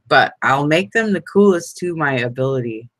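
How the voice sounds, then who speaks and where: A woman's voice: low-pitched, expressive, moderate pace, fairly bright tone, a little hiss or hum, poor audio. A woman chatting casually to her viewers while making envelopes, laughing often and talking to them by name. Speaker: crafting vlogger. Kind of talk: casual crafting chat.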